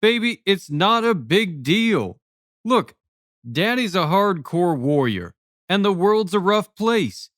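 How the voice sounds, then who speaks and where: A brash, boastful father ribs his friend in a loud, raised voice, as a man reading an audiobook plays him. His sarcasm is boisterous and the sound is dry and close. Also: sits high, sing-song, slow, dry recording, voice pushed up, exaggerated voice.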